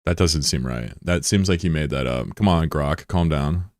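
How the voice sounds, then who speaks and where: Low-pitched American guy streaming, cracking crude jokes while answering chat, dry close mic. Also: normal speed, a little mellow, no echo. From United States. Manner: joking, profane, rambling asides. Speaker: live streamer. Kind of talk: casual chat, reading out viewer comments.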